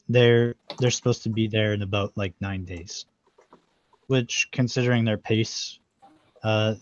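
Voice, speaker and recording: A man's voice: medium pitch, no room sound, lo-fi sound. A man narrating as game master of an online tabletop game, in a loose, rambling way.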